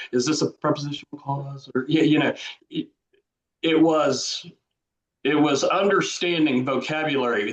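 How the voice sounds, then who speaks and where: A man with a Southern drawl, a guest author talking casually in an interview, slow and full of restarts. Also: fairly high pitch. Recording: roomy echo.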